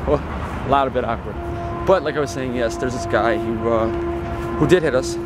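A man's voice: medium pitch, brisk, loud music behind the voice. A man vlogging from his car, ranting in an aggravated way about a dispute. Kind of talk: ranting vlog while driving. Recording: noisy street traffic behind.

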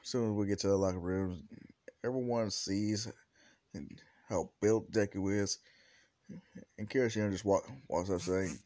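A man casually retelling a fan story, rambling and animated, cussing now and then. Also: lowish voice, measured pace, long pauses, no echo. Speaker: fan fiction narrator.

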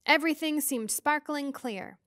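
A woman teacher reading a novel aloud to students with expressive, measured storytelling. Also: high-pitched, no room sound, clean studio sound.

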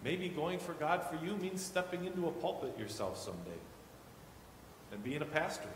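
A man in his thirties preaching a sermon as guest preacher, telling family stories with animated quoted voices. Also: on the high side, moderate pace, a little hiss or hum. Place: church sanctuary. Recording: echoey hall with long reverb.

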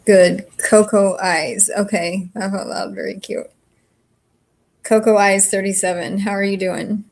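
A woman's voice: mid-range voice, little pitch movement, a little slow, darkish tone. A woman chats loosely with her livestream viewers from home. She is blunt and swears freely, speaking in an ordinary mid-range voice. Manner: chatty, frank, swears freely. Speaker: livestream host. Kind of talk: casual livestream chat with viewers.

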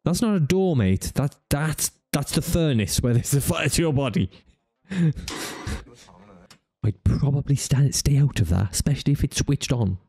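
A man's voice: mid-range voice, animated, moderate pace, mellow, breathy edge. A man commenting on a video, laughing often and swearing playfully as he mocks what he sees. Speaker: reaction video host. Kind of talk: reaction commentary. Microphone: studio podcast mic.

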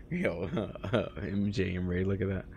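A man live-streaming a game, chatting casually and profanely with his viewers, swinging from low muttering to loud excited outbursts. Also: slow pace, breathy edge. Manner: slangy and profane, talks to chat by name. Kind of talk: casual live-stream chat while gaming.

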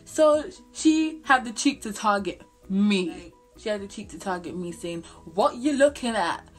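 A woman's voice: mid-range voice, normal speed, faint music behind. A young woman telling a storytime vlog, full of slang and swearing. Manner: animated, slangy, swears freely. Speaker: vlogger.

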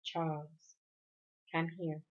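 Lady doing a tired dad, low and quiet and slow, muffled sound. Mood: weary. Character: weary, stern father. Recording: dull lo-fi recording.

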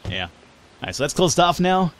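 A man's voice: fairly high pitch, sing-song, fairly quick. Sarcastic male let's play gamer. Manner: sarcastic, jokey, swears casually. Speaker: gaming channel host.

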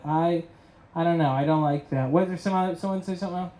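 A man's voice: a little high, fast, warm tone, echoey room, low-quality recording. A man performing a stand-up comedy set in a club, telling stories and acting out the dialogue. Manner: storytelling with acted-out dialogue.

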